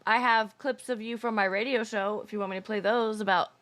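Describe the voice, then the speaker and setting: Femme qui se dispute et accuse, voix de hauteur moyenne. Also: female voice, mid-range voice, fairly even intonation, a little fast, fairly bright tone. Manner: argumentative, accusing. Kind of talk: casual chat.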